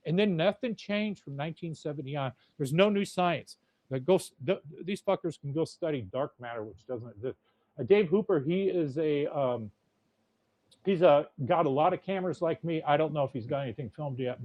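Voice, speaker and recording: Male podcast host, cursing, blunt rambling rant, slightly high voice, dry close sound. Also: normal speed, darkish tone, no echo, lo-fi sound. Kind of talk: casual rant.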